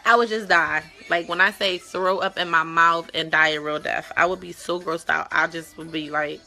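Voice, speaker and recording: Young woman, talk show host, blunt and crude, bright forceful tone, faint music behind. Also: on the low side, expressive, normal speed. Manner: blunt, profane, playful, with loud mock-disgusted outbursts. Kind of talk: casual chat, reacting to viewer stories.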